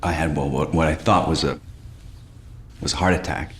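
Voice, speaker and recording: An actor playing a washed-up, anxious middle-aged stand-up comic who talks in a halting, stammering, self-deprecating way. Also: male voice, a bass voice, fairly bright tone, slight background noise. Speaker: stand-up comic pitching a show.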